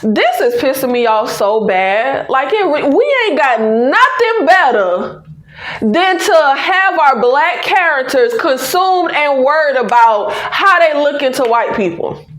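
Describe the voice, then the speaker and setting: A young woman rants through a TV episode review, profane and exasperated, sighing and repeating herself. Her voice sits high and swings widely, and she lets her words stretch out slowly. The sound is roomy and echoey. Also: fairly bright tone. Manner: exasperated, profane, dramatic sighs and repeated "I can't". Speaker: TV recap reviewer. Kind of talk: ranting casual review. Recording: echoey room.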